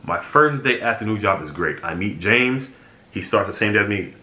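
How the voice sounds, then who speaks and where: A young man talking straight to his viewers, telling a story in a blunt, animated way and swearing freely. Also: lowish voice, normal speed. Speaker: vlogger. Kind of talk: casual storytelling monologue. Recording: echoey room.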